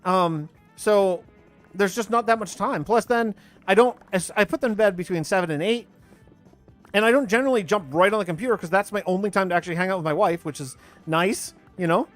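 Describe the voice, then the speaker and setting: Guy streaming a game, kinda high voice, just rambling at chat, quiet music in the back. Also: a little fast. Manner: rambling, talks over gameplay and answers chat. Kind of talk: casual live-stream chat.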